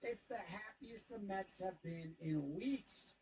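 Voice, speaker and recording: Jokey man recapping baseball highlights. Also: slow pace. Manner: animated, jokey, voices the players. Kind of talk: casual play-by-play recap.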